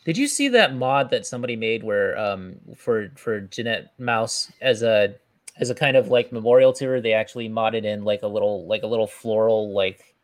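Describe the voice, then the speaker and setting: A man's voice: on the low side, moderate pace. A man chatting casually and enthusiastically about a video game. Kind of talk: casual game discussion chat.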